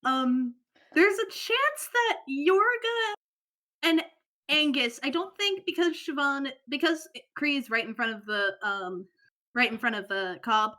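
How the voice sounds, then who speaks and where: Bright, high-voiced woman player. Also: a little slow. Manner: chatty, eager, checks rules aloud. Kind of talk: casual tabletop play.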